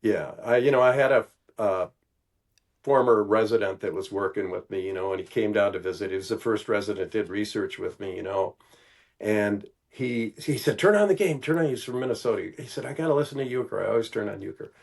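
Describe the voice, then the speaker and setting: Older man telling stories, gravelly voice. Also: on the low side, fairly quick. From Milwaukee, Wisconsin. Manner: animated, acts out quoted voices, many "you know"s. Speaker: podcast guest. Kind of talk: casual storytelling.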